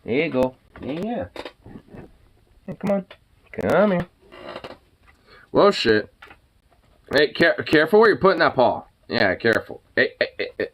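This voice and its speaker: A man's voice: on the high side, sing-song, a little slow, long pauses, fairly bright tone, low-quality recording. A man talking casually to his pet dog, teasing and exasperated, swearing freely. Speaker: dog owner.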